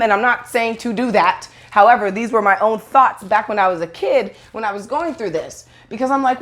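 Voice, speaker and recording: A woman's voice: a little high, fairly quick, hardly any pauses, a bit bright. Blunt, profane woman talking to camera. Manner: rambling with restarts, acts out quoted voices. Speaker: online video host. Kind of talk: casual monologue to camera.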